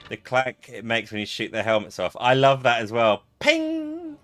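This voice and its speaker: A chatty man riffs and reacts while he plays through an old shooter, his voice pitched a little low yet bright and punchy. Faint music sits behind his talk. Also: steady tone, brisk. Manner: chatty, jokey, reacts aloud to the game. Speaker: gaming streamer. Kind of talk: casual gameplay commentary.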